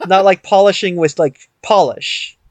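A man with a notably high voice co-hosts a podcast in a casual chat. He muses, working his thoughts out aloud as he goes. The recording is dry and close. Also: a little slow, a little mellow, no room sound. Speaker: podcast co-host. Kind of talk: casual discussion.

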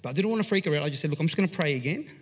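A man's voice: on the high side, very fast, breathy edge. Australian man preaching in a big hall. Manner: animated, conversational, swings from loud to hushed. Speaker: pastor. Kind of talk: storytelling sermon. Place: large church hall. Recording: long hall reverb.

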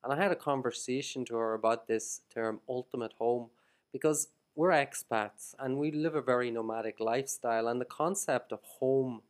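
Irish man, podcast host, casual chat, animated, mid pitch. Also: moderate pace. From Ireland.

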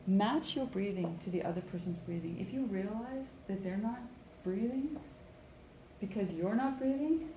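A woman teaching a conversation class, explaining in lively bursts and acting out listener reactions, in an echoey room. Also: mid-range voice, normal speed. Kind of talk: classroom coaching. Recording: echoey room with faint background noise.

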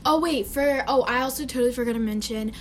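A bubbly teenage girl co-hosts a casual podcast, her voice sitting fairly high. She chatters along with plenty of "like". A faint hiss of noise sits underneath. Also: quick pace. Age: teens. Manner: bubbly, chatty, many "like" fillers. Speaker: podcast co-host. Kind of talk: casual chat.

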